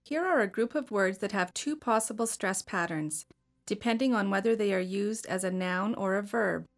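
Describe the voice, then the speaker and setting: A woman teaching pronunciation in a scripted drill, speaking with careful, deliberate enunciation. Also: medium pitch.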